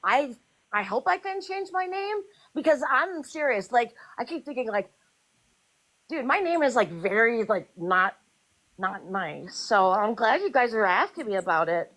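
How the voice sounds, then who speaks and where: A woman with a fairly high, lively voice that swings up and down as she talks. She sounds flustered and apologetic and keeps restarting her sentences in a casual group chat. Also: a little slow, low-quality recording. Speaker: live stream guest.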